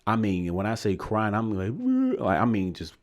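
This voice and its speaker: On a podcast, a young Virginian co-host relates a story in relaxed conversation, acting out each quoted voice with animation. His voice sits on the low side, and he keeps a moderate pace.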